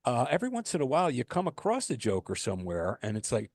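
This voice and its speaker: A man's voice: medium pitch, wildly swooping pitch, fast talker, no room sound. A man co-hosting a casual podcast, telling a rambling story full of restarts and fillers, swearing casually. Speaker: podcast co-host.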